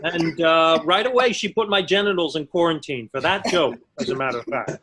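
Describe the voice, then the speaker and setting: A man's voice: a little high, a little fast, sharp tone, a little hiss or hum, poor audio. A man in his forties doing a conversational stand-up routine over a video call, telling stories with self-mocking punchlines. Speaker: stand-up comedian.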